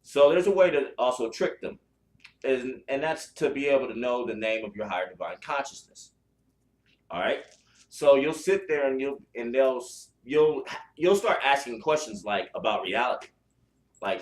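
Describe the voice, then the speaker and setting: A man's voice: mid-range voice, expressive, normal speed. Man, podcast host, blunt, profane, casual chat, echoey room. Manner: blunt and profane, with many restarts. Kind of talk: casual spiritual podcast talk.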